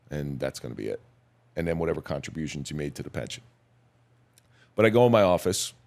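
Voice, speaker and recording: Deep-voiced man recounting somberly. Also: a little mellow. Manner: measured, somber, plain-spoken recounting. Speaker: podcast guest, police officer. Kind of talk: personal storytelling in a podcast interview.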